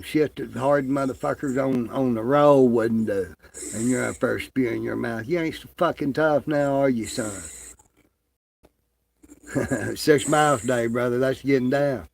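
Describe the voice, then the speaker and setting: Dude ranting and cussing, gravelly voice, lots of uh's, mocking tone. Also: male voice, mid-range voice, a little hiss or hum. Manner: crude, mocking, drawling with many fillers. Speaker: online commentator. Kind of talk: profane ranting commentary.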